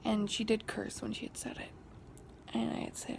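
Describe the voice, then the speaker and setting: With a gravelly fry in her voice, a young vlogger relates a story casually, mostly in a hushed half-whisper that gets louder when she quotes an argument. Her voice sits on the high side with little pitch movement, at a moderate pace.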